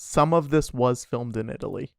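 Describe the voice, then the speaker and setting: A man as a guest in casual comedic podcast chat, tossing out playful, quick quips. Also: medium pitch, lively intonation, vocal fry, clean tone, dry recording, clean studio sound.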